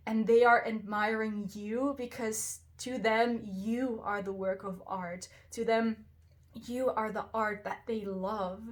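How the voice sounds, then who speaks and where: A woman hosting a pick-a-card tarot reading, talking straight to the viewer in an effusive, reassuring way and often exclaiming over the cards. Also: a little high. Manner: warm, reassuring address to the viewer. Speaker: tarot reader, channel host.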